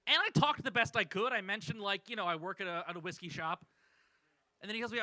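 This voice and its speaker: A man tells a stand-up story on a small club stage, wry and self-deprecating. His voice sits high and rings very bright. The mic picks him up close and dry. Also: fast, no room sound, low-quality recording. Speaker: stand-up comedian. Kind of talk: stand-up set.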